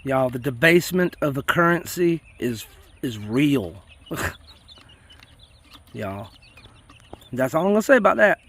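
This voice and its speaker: A medium-pitched, slightly bright male voice moves slowly with lively intonation and long pauses. He's a South Carolina homesteading host rambling casually outdoors near his chickens, folksy and talkative, with plenty of y'all.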